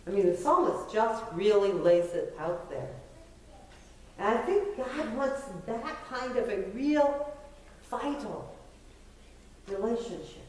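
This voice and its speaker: Echoey, slow-spoken woman pastor preaching. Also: on the high side, lively intonation, slight background noise. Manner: conversational, self-deprecating, emphatic. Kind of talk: sermon. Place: church sanctuary. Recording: very echoey church from far off.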